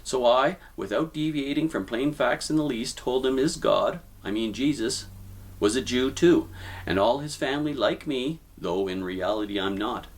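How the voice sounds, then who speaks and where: A man's voice: mid-range voice, normal speed, pitched above the performer's own voice, lightly acted. A man voicing a mild middle-aged man who earnestly explains himself, in a raised voice.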